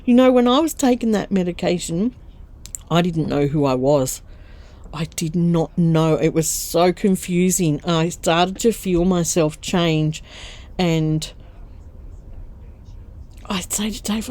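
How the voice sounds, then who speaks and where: An older Australian woman with a warm, medium-pitched voice chats candidly while sewing for her craft vlog. She's animated yet slow-paced, with long pauses, and laughs often.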